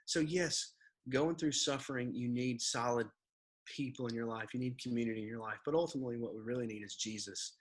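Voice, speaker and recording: A man's voice: medium pitch, fairly quick. A man who is a pastor, talking earnestly in a casual church podcast conversation and reading scripture aloud.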